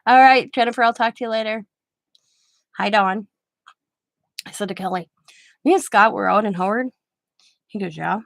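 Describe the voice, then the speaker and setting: A woman's voice: medium pitch, moderate pace, creaky, long pauses, dry recording. A middle-aged woman hosting a craft livestream, chatting casually and rambling through anecdotes while she works. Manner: rambling anecdotes, quoting others in her own voice. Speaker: craft channel host.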